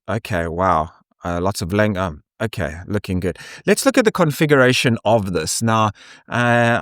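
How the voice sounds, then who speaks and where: A man with an English South African accent, giving a casual, thinking-aloud software review full of ums and restarts. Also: fairly low pitch, dry recording, studio quality. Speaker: tech reviewer.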